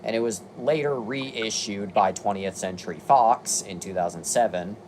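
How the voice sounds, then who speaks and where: A young man with a lowish voice talks through a review in a casual way. He runs through long lists and drops dry, exasperated asides. A faint hiss sits under his voice. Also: moderate pace, a little mellow. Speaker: video commentator.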